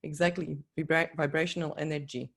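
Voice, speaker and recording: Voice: mid-range voice, level tone, fairly quick, creaky, a bit bright. A coach giving an earnest, encouraging motivational talk in non-native English, speaking straight to the listener. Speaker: business and life coach.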